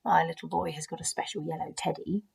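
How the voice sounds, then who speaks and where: A woman teacher reading a picture book aloud to children, expressive and gentle, with chatty asides. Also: low-pitched, fast talker, gravelly, breathy edge.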